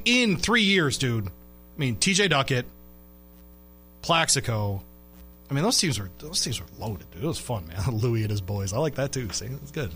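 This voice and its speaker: Male sports radio host, bright voice, chatty and laughing, faint music under. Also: mid-range voice. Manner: laughs often, loose and rambling. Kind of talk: casual sports radio chat.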